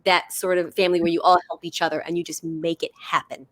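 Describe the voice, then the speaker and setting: A woman chatting casually as a guest performer, telling stories in an animated, excited way over a video call from home. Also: on the low side, quick pace. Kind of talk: casual chat.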